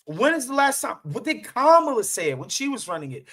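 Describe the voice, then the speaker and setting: A man's voice: extremely high pitch, fairly quick. A man hosting a podcast, giving casual, profane political commentary with lots of fillers and restarts. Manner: animated, profane, many fillers. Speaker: podcast host.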